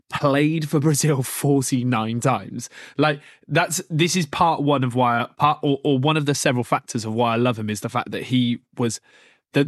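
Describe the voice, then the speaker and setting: A man's voice: medium pitch, dry recording, clean studio sound. A young man hosting a casual football podcast, rambling and joking, laughing often and restarting his sentences. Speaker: podcast host.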